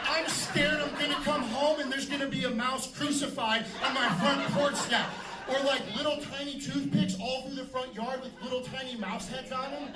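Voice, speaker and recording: A man with a high voice works a comedy club stage, firing off dark jokes with a brash, punchy delivery. He sounds set back from the mic, with room echo around him and steady background noise. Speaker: stand-up comedian. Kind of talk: stand-up set. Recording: echoey club from a distance with noise. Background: audience laughter.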